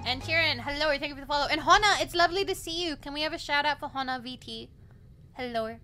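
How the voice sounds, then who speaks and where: A woman's voice: high voice, fast, pushed and bright, soft background music. A young Australian woman streaming a game, chatting casually and rambling with lots of giggles. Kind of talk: casual gameplay chat.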